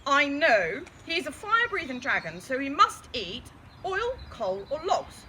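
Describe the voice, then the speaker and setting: A woman voicing an excitable, dotty old male wizard in a squeaky, shrieking voice for a storybook reading. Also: measured pace, slight background noise, full character voice.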